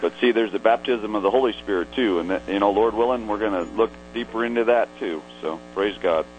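A man co-hosts a religious call-in radio program. His voice sits very low, and he talks in a conversational way that turns preachy at times. Faint music plays underneath. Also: fairly quick, darkish tone, lo-fi sound. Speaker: radio co-host.

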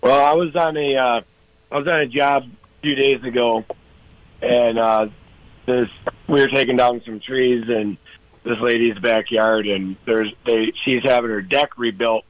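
A man calling in to a talk show, telling a story in a rambling, halting way with lots of restarts. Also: medium pitch, fairly even intonation, no echo. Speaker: caller. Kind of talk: casual storytelling. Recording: dull lo-fi phone-in audio.

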